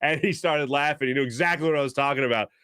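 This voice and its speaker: A man hosting a sports talk show, rambling in quick, animated bursts full of fillers and reading ads live. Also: on the high side, clean tone, dry recording.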